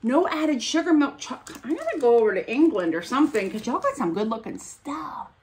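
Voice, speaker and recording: A woman's voice: high voice, big pitch swings, brisk, a little mellow, a little hiss or hum. A woman vlogging as she opens gifts, gushing and gasping with delight. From United States. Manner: gushing, gasping, breathy exclamations. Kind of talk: casual unboxing chat.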